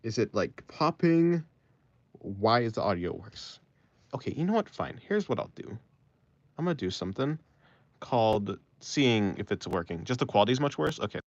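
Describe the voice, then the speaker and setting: Very animated and mid-pitched, a male art streamer talks at a moderate pace while he draws, chatting with viewers and thinking out loud into a phone mic in a rambling way. The recording is dry and slightly dull, with some faint music.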